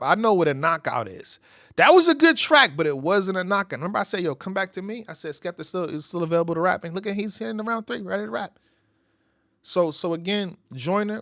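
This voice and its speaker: Bright-voiced man hosting reaction commentary. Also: fairly high pitch, dry recording, clean studio sound. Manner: animated, repeats phrases for emphasis; breaks into loud excited outbursts. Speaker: reaction channel host.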